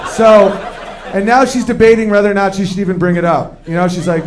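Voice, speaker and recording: A man performing a stand-up comedy routine, telling stories with quick shifts into acted-out quotes of men and women, on a comedy club stage with a handheld mic while the audience laughs. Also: high voice.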